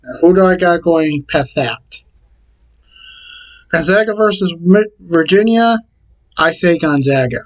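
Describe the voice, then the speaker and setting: A man casually talking to camera and reading out his picks in a plain, repetitive way with halting restarts. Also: on the high side, animated, low-quality recording. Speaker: vlogger.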